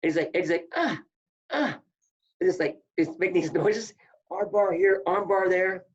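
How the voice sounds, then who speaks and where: A high-pitched former wrestler, speaking at normal speed, tells casual wrestling stories as a guest on a podcast. The audio is dull and lo-fi, and he animatedly acts out every quote.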